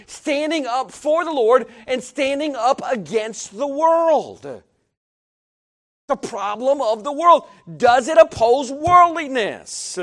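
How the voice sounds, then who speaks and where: Man, preacher, sermon, high voice, emphatic, middle-aged, hushed-to-loud swings.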